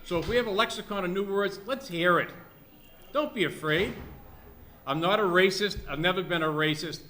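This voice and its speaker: A man's voice: high voice, normal speed, sharp tone, a little hiss or hum. A man giving an impassioned, repetitive public comment at a town meeting, scolding and patriotic.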